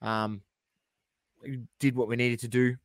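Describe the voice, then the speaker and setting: A man co-hosting a sports podcast, talking in a laid-back, hesitant way with many pauses. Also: medium pitch, flat delivery, smooth, dry recording. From Australia. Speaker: podcast co-host. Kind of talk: casual sports chat.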